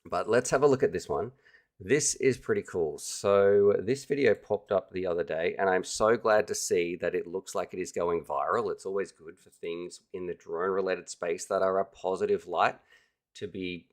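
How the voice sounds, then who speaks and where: A man's voice: deep voice, moderate pace. A man hosting a casual livestream, chatty and enthusiastic, talking straight to his viewers. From Australia. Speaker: livestream host.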